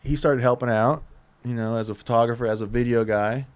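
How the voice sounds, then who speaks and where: A man's voice: medium pitch, fairly even intonation, fairly quick, clean tone. A man in his fifties from Southern California, a podcast guest telling casual, profane stories full of restarts. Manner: loose and profane, with many restarts. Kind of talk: casual storytelling.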